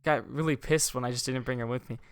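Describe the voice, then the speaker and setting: A man's voice: mid-range voice, fairly even intonation, fast talker, clear, resonant tone. A young adult man hosting a casual podcast from a room above his garage, rambling through a story with a lot of swearing. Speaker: podcast host.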